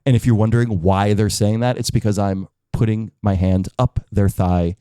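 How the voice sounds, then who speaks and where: A man's voice: lowish voice, fairly even intonation, moderate pace, dark tone, smooth, no room sound, clean studio sound. A man in his forties co-hosting a podcast, talking in a camp, teasing way and jumping into funny voices. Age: 40s. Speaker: podcast co-host. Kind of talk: casual chat.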